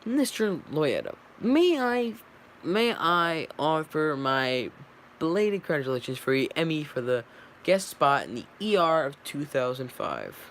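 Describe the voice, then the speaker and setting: A man's voice: fairly high pitch, big pitch swings, a little slow, a bit bright, pitched above the performer's own voice, heavily acted. Brash young bee lawyer, read by a man, stumbling through lines; faint hiss. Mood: cross-examining. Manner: stumbling reading with slips.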